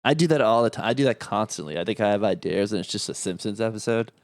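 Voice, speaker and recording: A man co-hosting a casual podcast, chiming in quickly with jokes and laughter. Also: on the low side, no room sound, clean studio sound. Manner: quick interjecting, laughs often. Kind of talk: casual chat.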